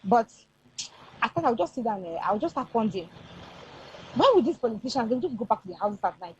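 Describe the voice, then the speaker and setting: A woman commenting in the studio in an exasperated, expressive way. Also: fairly high pitch, fast, highs cut off, slight background noise.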